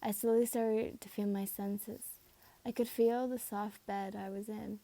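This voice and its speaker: Woman reading a fan story casually; mellow tone, stumbles and self-corrects. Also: mid-range voice, flat delivery, unhurried. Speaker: reader.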